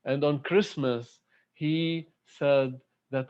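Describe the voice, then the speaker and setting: A man speaks at an online devotional gathering, drawing out his words slowly and haltingly. His tone is heartfelt, with frequent pauses and fillers. The sound is dull and lo-fi, like audio from a video call. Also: medium pitch, darkish tone. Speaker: satsang speaker. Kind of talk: devotional talk.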